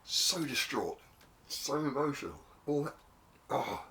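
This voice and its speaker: A man in his sixties, from Australia, telling a long shaggy-dog joke, dropping low to build suspense and then rising into high mock wailing. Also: expressive, moderate pace, fairly bright tone. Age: 60s. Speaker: joke teller.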